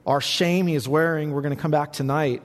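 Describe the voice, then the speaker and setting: A man preaching a sermon as pastor, building to emphatic peaks and dropping low for quiet points. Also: steady tone, brisk. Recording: long reverb in a large hall.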